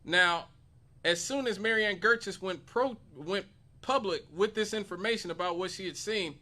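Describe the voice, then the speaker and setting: A man with a fairly high, bright voice hosts a talk radio segment. He talks emphatically, stacking points and rhetorical questions to argue his case. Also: normal speed. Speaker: radio host.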